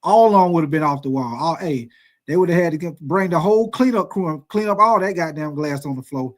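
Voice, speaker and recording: Man, high-pitched, cursing and animated, casual sports commentary. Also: brisk. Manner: profane, animated and emphatic. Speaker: sports talk host.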